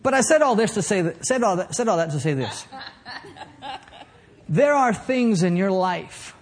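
A man's voice: high-pitched, sing-song, moderate pace. A middle-aged man preaching a sermon, telling a humorous story and then building into fervent preaching. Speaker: pastor.

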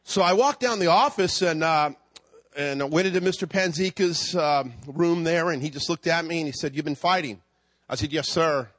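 A man's voice: on the high side, moderate pace, a bit bright, no room sound. A man in his fifties preaching a sermon, telling a personal story before building to emphatic preaching. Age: 50s. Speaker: pastor.

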